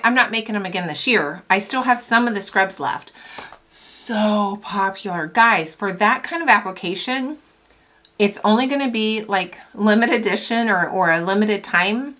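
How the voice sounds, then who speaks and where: A woman's voice: medium pitch, moderate pace, a bit bright. A middle-aged woman who runs a small soap and candle business, chatting enthusiastically about her favorite fragrance oils. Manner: chatty and enthusiastic, with laughs and asides. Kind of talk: casual product vlog.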